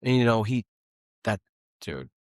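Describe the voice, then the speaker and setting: A man in his thirties with a fairly low voice speaks earnestly and with conviction, in an easy conversational way. The sound is close and dry, with no room around it. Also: sing-song, measured pace, no echo. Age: 30s. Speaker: podcast guest. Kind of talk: casual conversation.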